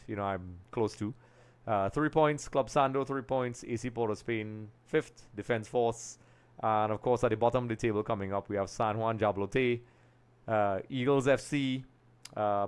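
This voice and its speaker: A man's voice: medium pitch, clear, resonant tone. A young man from Trinidad and Tobago hosting a live football talk stream, talking casually and rambling a little as he pulls things up on screen. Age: young adult. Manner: casual, rambling, thinks aloud while working.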